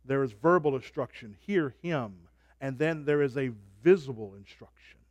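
A man preaching a sermon, swinging from soft, low asides to loud, rising proclamations. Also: animated, moderate pace, dry recording, dull audio.

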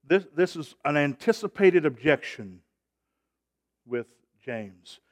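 A man preaching a sermon, emphatic, with call-and-response and loud rising peaks. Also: fairly high pitch, animated, slow pace.

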